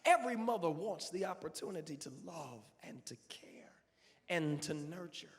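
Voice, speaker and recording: A male pastor preaching a sermon dramatically, swinging from hushed tones to shouts. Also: a little high, lively intonation, moderate pace. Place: church sanctuary. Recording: long church reverb.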